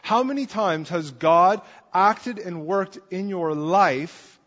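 Slowly and in a high, fairly bright voice, a pastor preaches in a conversational manner, repeatedly checking in with the crowd by asking "right?" The sound is dull, with a long reverb from the hall.

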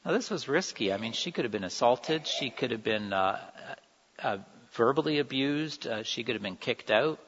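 A man's voice: mid-range voice, expressive, moderate pace, fairly bright tone, slight background noise. A man giving an earnest, conversational sermon. He acts out the quoted lines with feeling. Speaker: preacher. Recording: dull sound in a reverberant hall.

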